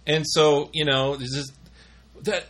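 A man's voice: fairly high pitch, flat delivery, unhurried, a bit bright. A middle-aged man casually telling rambling office stories, full of fillers and restarts. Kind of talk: casual storytelling chat.

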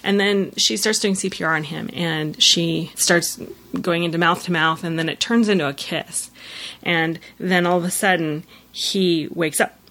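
A woman's voice: lowish voice, steady tone, measured pace, fairly bright tone. A woman hosting a show, casually recapping a TV episode scene by scene with many "you know" fillers.

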